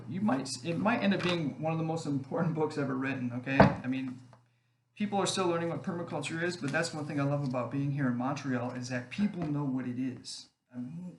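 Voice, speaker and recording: Man, rambling casual talk, keeps saying okay, echoey room with a faint hiss. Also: medium pitch. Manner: rambling, often adds "okay?". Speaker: online group admin.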